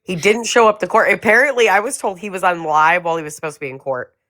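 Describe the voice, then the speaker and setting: A woman's voice: lowish voice, fast, a bit bright. A woman chatting casually on a livestream, sarcastic and chatty, with "like" scattered through her talk. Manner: chatty, sarcastic, says "like" often. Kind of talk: casual chat.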